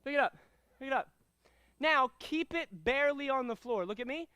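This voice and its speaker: A man teaching a karate class, giving energetic commands and calling out drills and counts. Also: very high voice, normal speed, no echo. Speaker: karate instructor. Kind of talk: martial arts class instruction.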